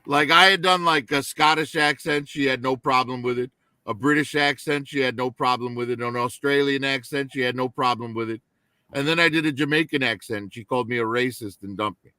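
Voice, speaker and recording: A man's voice: mid-range voice, steady tone, brisk, pushed and bright, no room sound. A man in casual podcast chat, telling stories and tagging sentences with "right?". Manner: storytelling with frequent "right?" tags.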